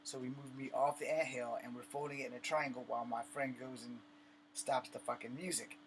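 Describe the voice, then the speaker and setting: A man's voice: medium pitch, fairly even intonation, fairly quick, slight background noise. A man ranting and telling a story to camera in blunt, profane, conversational talk. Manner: conversational, acts out the scene. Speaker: vlogger. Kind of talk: casual rant and storytelling to camera.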